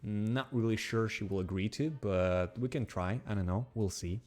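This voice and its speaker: A man with a Russian accent, speaking English as a second language and co-hosting a casual chat, meandering and halting as he explains things. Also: lowish voice, a little mellow. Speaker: podcast co-host.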